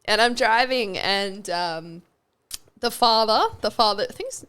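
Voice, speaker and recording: Woman, interview guest, animated storytelling, casual swearing. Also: medium pitch, a little slow, clean tone.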